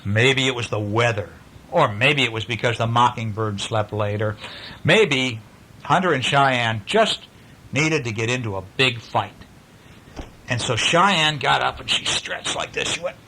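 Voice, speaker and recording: A father reading a picture book aloud to his young children, playful and animated, stopping to ask them questions. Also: mid-range voice, measured pace, a little hiss or hum, rough recording.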